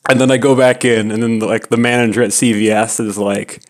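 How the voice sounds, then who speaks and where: Man, game streamer, casual storytelling, rambling, filler-heavy, nervous laughter, mid-pitched voice. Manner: rambling, full of "like" and "you know", breaks into nervous laughter.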